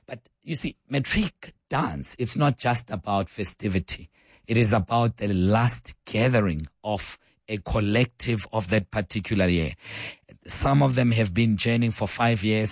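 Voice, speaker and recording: Croaky man hosting talk radio. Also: fairly low pitch, no room sound. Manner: conversational, rambling, with frequent fillers and restarts. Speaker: radio talk show host. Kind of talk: live talk radio monologue. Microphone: studio microphone.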